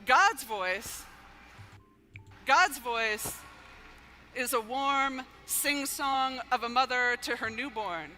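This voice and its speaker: A woman giving an earnest inspirational speech, measured and softly emphatic. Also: sits high, lively intonation, faint music behind. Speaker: speaker giving an inspirational talk.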